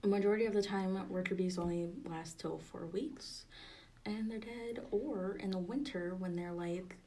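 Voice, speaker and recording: A young woman co-hosting a podcast in casual chat, talking softly and half-whispering in a library, with frequent giggles. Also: medium pitch, fairly even intonation, normal speed, slight background noise. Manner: hushed, near-whispering, giggly. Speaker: podcast co-host.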